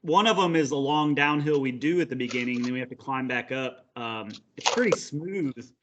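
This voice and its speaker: A man co-hosting a podcast, recounting at length in a rambling, relaxed way. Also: medium pitch, moderate pace, a little hiss or hum. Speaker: podcast co-host. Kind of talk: casual chat.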